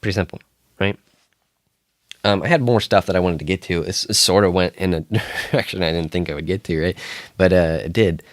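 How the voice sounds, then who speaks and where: A man's voice: sits low, a little fast, no room sound. A young man hosting a solo podcast, talking casually and rambling with frequent restarts and chuckles. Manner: rambling, self-interrupting, chuckles often. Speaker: podcast host.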